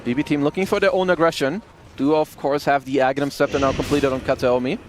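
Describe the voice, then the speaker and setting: A man's voice: a little high, steady tone, quick pace, noisy background. Male esports analyst explaining plays. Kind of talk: color commentary.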